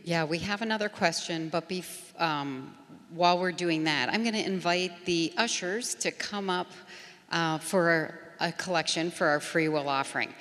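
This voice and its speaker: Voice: mid-range voice, measured pace, fairly bright tone. The event host speaking from away from the mic, bringing in questions and announcing the offering. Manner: announcing, brief. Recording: distant in a reverberant hall.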